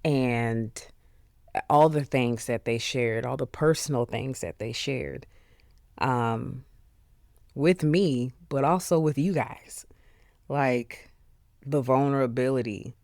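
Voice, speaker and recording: A podcast host speaking alone in an earnest, heartfelt way, with many pauses and fillers, openly emotional. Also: medium pitch, darkish tone, dry recording, studio quality. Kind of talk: solo reflective podcast monologue.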